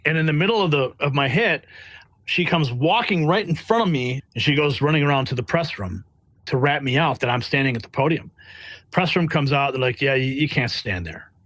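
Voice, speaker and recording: A man working as a press correspondent, telling stories in a blunt, animated way during a casual interview. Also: a little high, a little fast, no room sound. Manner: blunt, animated, acts out quotes. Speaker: White House press correspondent.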